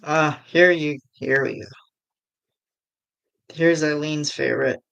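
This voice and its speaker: Slow-talking, giggly livestream host. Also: mid-range voice, steady tone, creaky, a bit bright. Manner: chatty and enthusiastic, giggles often. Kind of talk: casual chat with viewers.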